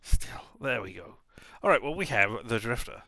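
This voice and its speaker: A man's voice: on the low side, lively intonation, slow, creaky, pauses often, bright, forceful tone, no echo. A man casually commenting as he plays a point-and-click game, rambling with self-mocking asides. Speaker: streamer.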